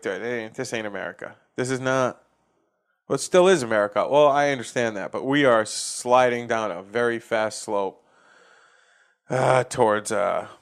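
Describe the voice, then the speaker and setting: Profane ranting comedian with a smooth voice. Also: male voice, medium pitch. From Massachusetts. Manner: profane, ranting, laughs at own jokes. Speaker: podcast host, comedian. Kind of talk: casual comedic rant. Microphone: facing a camera.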